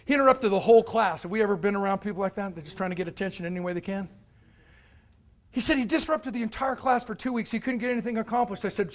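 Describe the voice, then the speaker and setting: A man giving a motivational lecture to a live audience, telling an anecdote and acting out the people in it with lively changes of voice. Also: high voice, fast. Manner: animated, acts out characters' voices. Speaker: motivational speaker. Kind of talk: storytelling keynote lecture.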